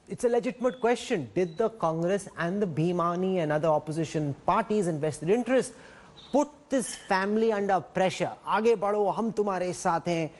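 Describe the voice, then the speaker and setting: High-voiced man anchoring a TV debate. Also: a little mellow. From India. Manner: firm, pointed questioning. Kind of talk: moderating a TV debate.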